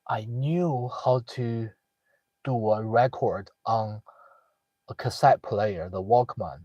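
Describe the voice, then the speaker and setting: A young man, telling a family story in casual talk with many pauses, fillers and restarts. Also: medium pitch, warm tone, no room sound, poor audio. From northeast China. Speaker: guest sharing a personal story.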